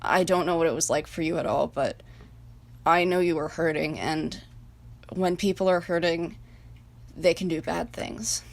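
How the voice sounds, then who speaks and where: A woman's voice: low-pitched, steady tone, moderate pace, gravelly, long pauses. A woman voicing a shy, anxious young male figure who stammers, in a fan-made story reading. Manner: nervous, stammering.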